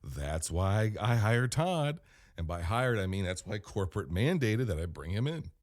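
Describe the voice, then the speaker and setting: A man hosting a podcast, rambling through a comedic in-character monologue with deadpan storytelling and self-corrections. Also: on the low side, normal speed, dry recording, clean studio sound. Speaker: podcast host.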